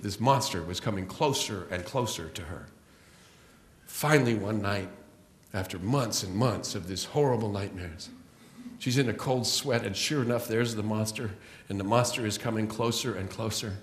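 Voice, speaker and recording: A middle-aged man giving an inspirational spiritual talk as guest speaker in a church hall, telling stories with slow, emphatic rises and drops. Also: on the low side. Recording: roomy hall echo.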